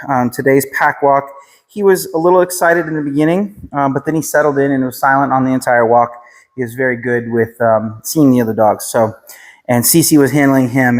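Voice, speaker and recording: An American man working as a dog trainer, calmly explaining a training session to the dog's owners while giving short commands to the dog. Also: mid-range voice. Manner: calm, instructive, repeats short commands to the dog. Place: training room with a dog present. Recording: reverberant room, faint background noise. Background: dog barking and clicks.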